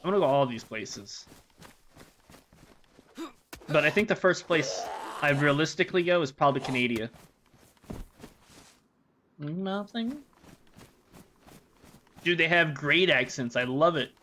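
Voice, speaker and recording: A man's voice: a little high, expressive, unhurried, pauses often, sharp tone, a little hiss or hum. A man from the United States, a game streamer chatting casually with his live chat while he plays, joking and rambling.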